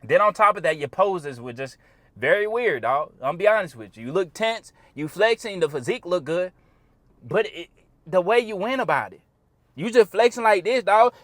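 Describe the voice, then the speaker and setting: A man's voice: high voice, lively intonation, moderate pace, a bit bright, dry recording. A man in his twenties giving blunt, slangy, profane dating advice while critiquing a profile.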